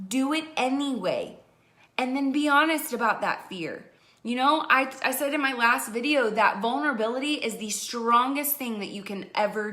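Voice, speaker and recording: A young woman giving an energetic, emphatic motivational pep talk to her sales team, repeating her points for emphasis. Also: fairly high pitch. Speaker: direct-sales team leader.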